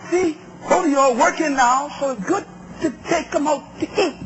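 High-voiced emphatic preacher. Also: male voice, moderate pace, muffled recording. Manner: emphatic, call-and-response with the crowd. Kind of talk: sermon on relationships.

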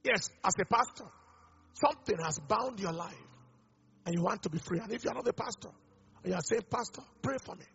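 A man's voice: sits high, brisk, vocal fry, pauses often, fairly bright tone, husky, in a large hall, dull audio. A man, a pastor leading an altar-call prayer with fervent, repeated declarations.

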